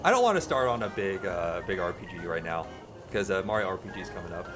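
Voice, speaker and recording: A man's voice: sits low, animated, fast talker. A man chatting casually with his viewers while streaming a horror game. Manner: chatty, greets chat, laughs easily. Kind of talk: casual livestream gameplay commentary. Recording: stream audio with game music.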